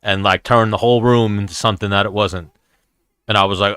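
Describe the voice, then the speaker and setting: A man's voice: lowish voice, steady tone, fairly quick, bright, forceful tone, clear, resonant tone, no echo, clean studio sound. A man hosting his show, chatting casually and profanely as he reacts and tells stories. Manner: profane, storytelling. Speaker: show host.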